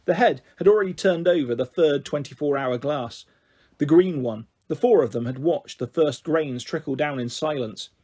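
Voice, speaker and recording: A man reading a children's book aloud, expressive and animated. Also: a little high, normal speed, breathy edge. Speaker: narrator. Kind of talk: audiobook reading.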